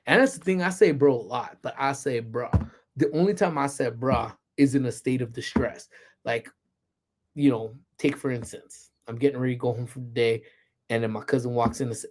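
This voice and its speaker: A middle-aged man hosting a casual lunchtime livestream, chatting loosely and slipping into playful, animated slang riffs. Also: mid-range voice, normal speed. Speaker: livestream host. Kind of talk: casual live chat.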